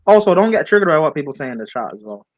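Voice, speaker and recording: A young man from Ireland, asking questions in a measured way during casual football chat. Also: a little high, big pitch swings. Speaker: podcast panelist.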